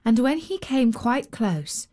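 A woman hosting and narrating a fairy tale with gentle, expressive storytelling. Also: on the high side, slow. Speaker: storyteller and host.

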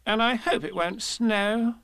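A man voicing a fussy, cheerful storybook rabbit, speaking high and brisk. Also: fairly bright tone, clear, resonant tone, dry recording.

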